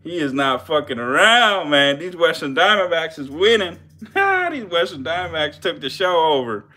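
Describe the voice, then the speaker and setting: A young man, giving loud, profane, laughing commentary as a channel host on a casual live stream. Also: fairly high pitch, very animated, normal speed. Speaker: channel host feeding snakes.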